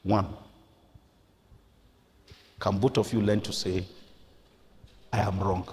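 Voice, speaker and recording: A middle-aged male pastor with a Nigerian accent preaching a sermon in a church, swinging between quiet, earnest passages and loud, emphatic rises. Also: lowish voice, steady tone, slow. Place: church hall. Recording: reverberant church hall.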